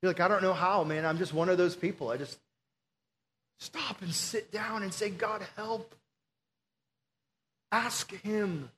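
High-voiced pastor. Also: male voice, moderate pace, a bit bright. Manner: earnest, pleading, conversational preaching. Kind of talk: sermon.

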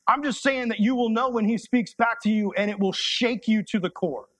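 Young guy youth pastor preaching, fired up then going soft and close, fairly high voice. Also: moderate pace, husky, no echo. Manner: impassioned, conversational preaching that drops to soft, intimate tones. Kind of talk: sermon.

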